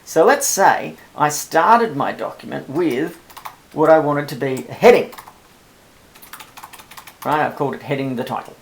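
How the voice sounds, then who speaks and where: A man, a publisher, talking new authors through a screen-recorded software tutorial in a relaxed, chatty and self-amused way. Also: a little high, a little slow, gravelly, pauses often, slight background noise.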